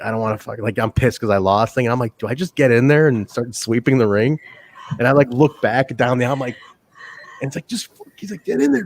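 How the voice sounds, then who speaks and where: A man co-hosting a casual podcast chat, telling profane backstage stories and acting out quotes in funny voices. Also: mid-range voice. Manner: profane storyteller, acts out quotes. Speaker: podcast co-host.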